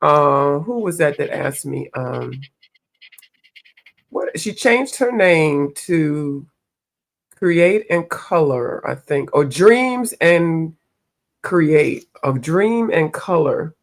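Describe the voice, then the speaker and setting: A livestream host speaks in a low, expressive voice with drawn-out words and vocal fry, chatting casually while coloring. She rambles, searches for names, and sounds a bit stuffy from allergies.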